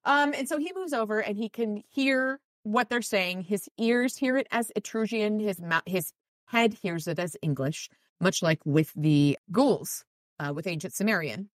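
A woman's voice: medium pitch, unhurried, no echo. A woman hosting a podcast, casually recapping a novel and reading quoted passages with light voices. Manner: reads quotes from the book with light voices, chatty asides. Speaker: podcast host recapping a book. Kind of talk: casual book recap with read-aloud passages.

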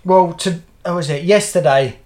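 A man's voice: high-pitched, moderate pace, darkish tone. A middle-aged man tells long, meandering stories in a casual podcast chat. He swears freely and loses his thread often, circling back with "right?" as he goes. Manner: rambling storyteller, swears freely. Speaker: podcast co-host.

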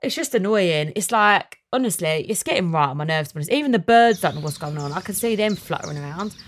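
A woman's voice: fairly low pitch, animated, fairly quick, a little hiss or hum. A young woman hosts a casual solo podcast, chatting and ranting for fun, then reassuring her listeners. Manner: warm and reassuring when answering listeners. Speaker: podcast host.

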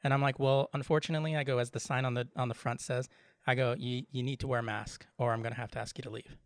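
A man's voice: medium pitch, fairly even intonation, fast, dry recording, clean studio sound. A middle-aged man telling a story in easygoing podcast chat, laughing often. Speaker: podcast co-host. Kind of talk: casual chat.

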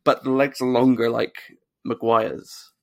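A man's voice: mid-range voice, level tone, a little slow, vocal fry. A man hosting a podcast in casual chat, moving the talk along. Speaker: podcast host.

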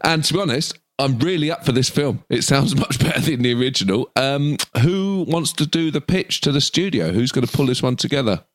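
A man's voice: mid-range voice, lively intonation, fairly quick, few pauses. A man, a comedy podcast co-host playfully steering the conversation. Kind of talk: casual comedy chat.

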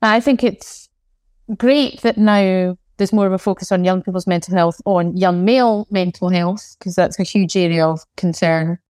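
A woman's voice: fairly low pitch, fairly even intonation, moderate pace, darkish tone, no room sound. A Scottish woman in her forties, a guest in a casual interview, talking candidly with self-deprecating, dry sarcastic humour. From Scotland. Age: 40s.

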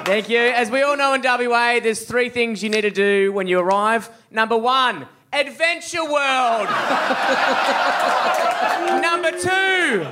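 A man's voice: extremely high pitch, normal speed, hardly any pauses, crowd noise. An Australian man from the west of the country, a comedy guest telling rambling, sweary, laughing stories at a live podcast show. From Western Australia. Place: live comedy venue with audience. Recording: loud live audience noise.

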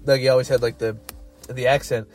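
Animated Canadian man, casual podcast co-host who laughs often, faint music under his voice. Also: medium pitch, brisk. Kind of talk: casual chat.

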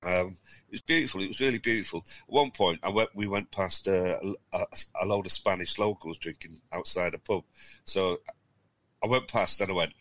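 A middle-aged man with a low, bright and forceful voice tells rambling stories, chuckling as he goes. He co-hosts a casual podcast chat. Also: a little fast. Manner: rambling, chuckling anecdote-teller. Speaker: podcast co-host.

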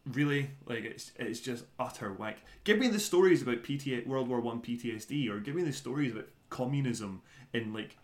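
A man co-hosting a podcast, ranting in a sweary, opinionated way in casual chat. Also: medium pitch.

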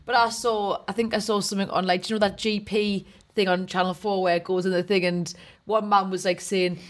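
A woman's voice: mid-range voice, level tone, fairly quick. A woman with a Geordie accent, a comedian co-hosting a casual podcast chat, telling stories and swearing freely. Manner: chatty storyteller, swears freely. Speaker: comedian co-host.

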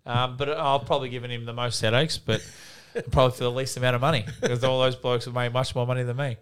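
A man's voice: medium pitch, little pitch movement, quick pace, clean tone. An Australian man co-hosting a podcast, chatting in blokey banter. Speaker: podcast co-host. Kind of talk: casual podcast chat.

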